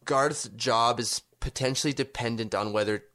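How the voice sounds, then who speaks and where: A man's voice: mid-range voice, normal speed, fairly bright tone. A man co-hosting a casual sports podcast, arguing his points with rhetorical questions. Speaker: podcast co-host.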